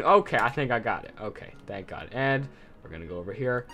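A man's voice: medium pitch, very animated, quick pace, a bit bright. A man doing casual let's-play commentary, rambling and joking at his own expense. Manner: rambling, self-deprecating, lots of fillers. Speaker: gameplay commentator. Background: game music.

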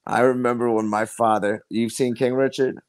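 A man as a podcast guest, telling personal stories in an earnest, halting way with many restarts. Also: medium pitch, little pitch movement, smooth, no room sound. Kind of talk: personal storytelling in conversation.

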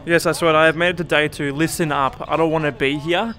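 A man's voice: on the high side, fairly even intonation, a little fast, bright, forceful tone, faint music behind. A young man streaming a game, joking and swearing as he yelps at frights, with a slightly cracky voice. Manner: jokey, swears and yelps when startled. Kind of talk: excitable gameplay commentary.

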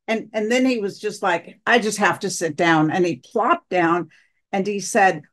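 A woman's voice: mid-range voice, measured pace, a bit bright. A woman recounting a personal story in an interview, acting out the dialogue of the people in it. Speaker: guest, wife of the other guest.

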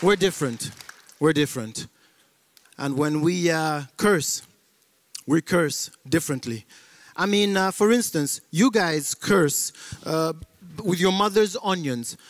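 A man's voice: a little high, takes it slowly, dry recording, a faint crowd. A man from Africa who grew up in Belgium, doing stand-up comedy in a playful way and mixing in Romanian words.

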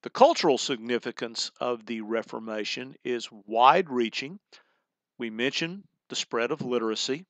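A man's voice: mid-range voice, normal speed, a bit bright, dry recording. A middle-aged man giving a recorded college humanities lecture in a conversational way, explaining terms as he goes and often restarting his phrases.

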